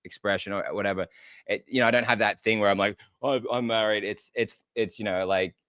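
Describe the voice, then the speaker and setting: Man from Australia, podcast guest, lowish voice, smooth and clear, dry sound. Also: fairly even intonation, a little fast, fairly bright tone, no echo. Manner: earnest, stumbles and restarts, laughs easily. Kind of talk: casual interview chat.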